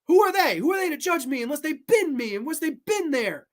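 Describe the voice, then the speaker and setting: A man voicing an anguished male war veteran who breaks down, with a raw, tearful delivery pitched far above his own voice. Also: very animated, fairly quick.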